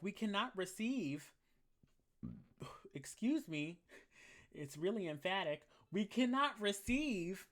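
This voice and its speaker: A tarot reader giving a live collective reading in a sassy, blunt, slang-filled way, stressing points by repeating them and answering chat comments along the way. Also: medium pitch. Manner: repeats key phrases for emphasis.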